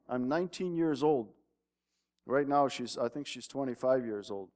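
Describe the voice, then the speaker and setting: A man preaching a sermon in a mid-pitched voice, reading a story aloud and pushing to emphatic peaks. His words carry a long reverb tail from a large hall. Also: moderate pace, darkish tone. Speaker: pastor.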